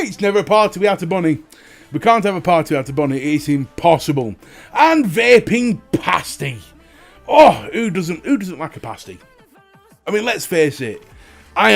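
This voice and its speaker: Man hosting a live stream, high voice, lively swings in pitch, joking, faint music behind. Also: gravelly. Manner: jokey, animated, swears freely. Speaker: livestream host. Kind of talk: casual chat greeting viewers.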